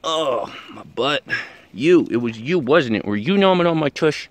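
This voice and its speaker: A man vlogging outdoors on a ranch into a handheld camera, tired and sweaty, cooing excitedly at puppies. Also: unhurried, no echo. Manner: excited, coos at puppies in a high voice. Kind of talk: casual vlog.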